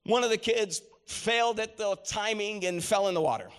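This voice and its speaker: A middle-aged man with a high-pitched voice delivers a sermon. He tells stories with rising emphasis and quotes scripture. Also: moderate pace, fairly bright tone, clean tone. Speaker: preacher.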